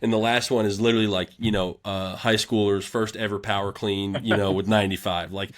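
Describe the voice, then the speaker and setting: A man's voice: fairly low pitch, a little fast. A young man, a college strength coach, telling funny stories about himself as a guest on a casual podcast. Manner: animated storyteller, laughs at himself.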